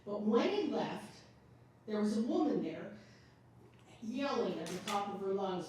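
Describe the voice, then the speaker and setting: A woman's voice: medium pitch, lively intonation, unhurried, long pauses, a little mellow, a little hiss or hum. A woman singer telling an anecdote between songs at a live show, chatty, with asides to the audience. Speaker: singer and storyteller. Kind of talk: live concert patter. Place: library event room. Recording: echoey room from far off, music.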